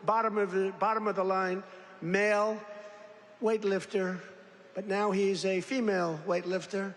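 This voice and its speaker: An older man giving a rambling, boastful off-the-cuff speech at a large political rally, with mocking asides. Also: high voice. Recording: reverberant rally hall, faint background noise.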